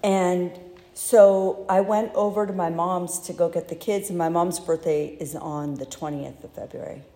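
A woman's voice: lowish voice, steady tone, warm tone. Candid woman in an echoey hall. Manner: candid, halting, self-deprecating. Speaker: speaker sharing recovery story. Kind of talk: personal testimony talk.

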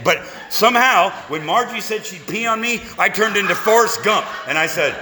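Animated profane man in an echoey hall. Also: sits high, unhurried, slight background noise. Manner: animated, profane, punchy comic delivery. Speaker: speaker sharing at a recovery meeting. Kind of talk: comic storytelling to a live audience.

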